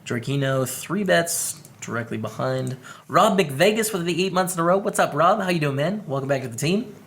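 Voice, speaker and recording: A man's voice: on the high side, lively intonation, moderate pace, fairly bright tone, a little hiss or hum. Chatty Canadian man streaming poker. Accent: Canadian English. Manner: chatty and upbeat, greets chat viewers by name. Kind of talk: live-streamed poker commentary.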